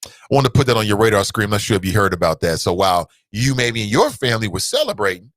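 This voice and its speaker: A man's voice: on the low side, sing-song, fast talker, fairly bright tone, no room sound. A man hosting a casual call-in talk show, mocking and laughing often, cursing and reading quotes aloud with exaggerated scorn. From United States.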